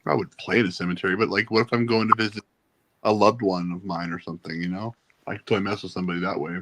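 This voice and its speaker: A man's voice: deep voice, fairly even intonation, rapid-fire, noisy background. Man, casual stream chat, playful, jokey storyteller.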